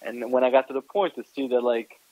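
A man in his thirties with an American accent, a chef answering interview questions in a halting way, restarting and repeating words. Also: medium pitch, steady tone, a little mellow, dry recording, poor audio. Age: 30s. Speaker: guest chef.

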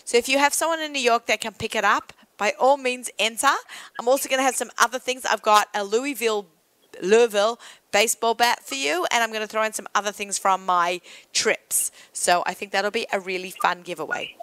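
A woman's voice: on the high side, a little fast, a bit bright, clear, resonant tone, no echo. A woman hosting an interview, chatting casually and enthusiastically with her guest. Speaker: podcast host.

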